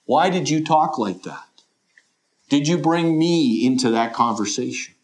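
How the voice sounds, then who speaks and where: A middle-aged male pastor preaching a sermon at a mid-range pitch. He talks earnestly and asks his listeners questions, sometimes voicing their doubts. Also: animated, a little slow. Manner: earnest, questioning preaching with quoted imagined voices.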